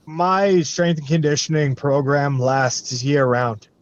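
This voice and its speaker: A man answering interview questions in a relaxed, halting way with many fillers. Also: fairly high pitch, lo-fi sound. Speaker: guest fighter.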